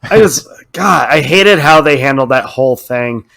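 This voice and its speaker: A man co-hosting a casual podcast, talking in an animated, ranting way and swearing freely. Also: mid-range voice, normal speed, vocal fry. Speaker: podcast co-host.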